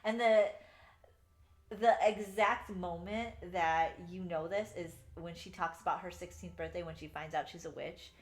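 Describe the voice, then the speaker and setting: A woman co-hosting a podcast, chatting casually about a book, animated and swearing as she acts out the characters' lines. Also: on the low side, normal speed, echoey room. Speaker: podcast co-host. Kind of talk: casual book review chat.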